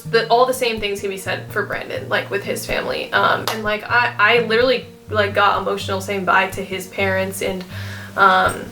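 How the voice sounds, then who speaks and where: A young woman chats to her camera in a loose, rambling way, full of fillers and restarts. Her voice is bright and clear, and she sounds emotional, close to tears. Soft guitar music plays faintly behind her. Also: medium pitch. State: tearful, emotional. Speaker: vlogger. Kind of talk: casual chat to camera.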